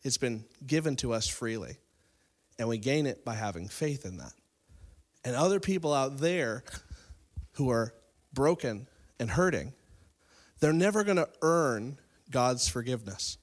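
A pastor preaching a sermon, retelling a Bible story in a casual, conversational way and swinging between loud, stressed lines and quiet ones. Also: male voice, mid-range voice, expressive, unhurried, pauses often.

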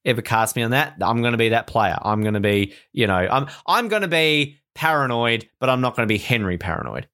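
A man co-hosting a casual recap chat with a lively, animated voice that moves all over. He talks in an expressive, playful way and jumps up in pitch for jokes. His pitch sits in the middle range. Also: fairly quick, hardly any pauses. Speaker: podcast co-host.

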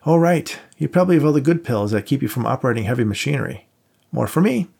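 A man's voice: mid-range voice, big pitch swings, fast, gravelly, mellow, slightly rough, pitched above the performer's own voice, full character voice. A man voicing a cocky, wisecracking male cop buddy in an audiobook, teasing and joking, raised above his own voice. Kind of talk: audiobook character voice.

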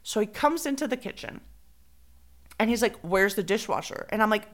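A woman's voice: mid-range voice, fairly quick. A woman, a podcast co-host telling a story in casual chat, acting out quotes and mixing in Spanish. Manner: animated, acts out quotes, code-switches into Spanish.

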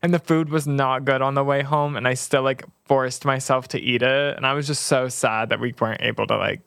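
A young adult man co-hosting a casual chat, relaxed and agreeable, with lots of filler words. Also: mid-range voice, a little fast, gravelly, clear, resonant tone, dry recording. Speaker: podcast co-host.

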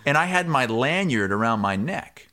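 A man co-hosting a sports podcast, telling a story in casual chat and shouting the quoted lines loudly. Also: medium pitch, expressive, moderate pace. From Iowa. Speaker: podcast co-host.

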